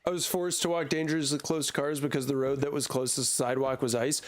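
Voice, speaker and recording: A man's voice: mid-range voice, little pitch movement, quick pace, few pauses, background noise. A young man streaming a game, rambling and joking with casual swearing. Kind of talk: casual gaming commentary.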